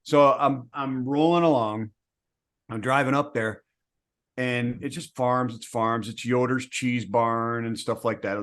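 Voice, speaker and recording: A man's voice: medium pitch, steady tone, measured pace, fairly bright tone. A man co-hosting a podcast, chatting casually and telling a rambling driving story, laughing often. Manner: laughs often, rambling road-trip anecdote. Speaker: podcast co-host. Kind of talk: casual chat.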